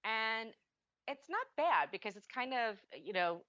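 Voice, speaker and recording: A woman's voice: fairly high pitch, sing-song, a little slow, bright, forceful tone, no echo. A woman co-hosting a podcast rambles casually through a movie recap, stopping to correct herself mid-sentence. The recording sounds dry and a little dull, with a lo-fi edge. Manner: chatty, rambling, frequent self-corrections. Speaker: podcast co-host.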